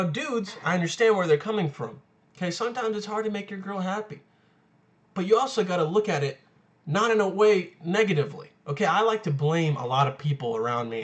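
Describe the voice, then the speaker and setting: A young man hosting his own podcast, talking casually in a rambling, profane way and often losing his train of thought. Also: high voice. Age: young adult. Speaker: podcast host. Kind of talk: casual solo podcast rant. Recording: lo-fi home audio.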